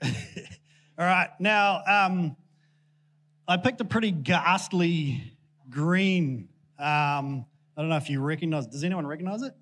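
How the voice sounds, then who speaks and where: Guy preaching in church, kinda high voice, jokey and rambly, lots of ums. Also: a little slow, long pauses, a bit bright. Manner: chatty, self-deprecating, many fillers. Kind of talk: casual, joking sermon. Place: church in front of a congregation.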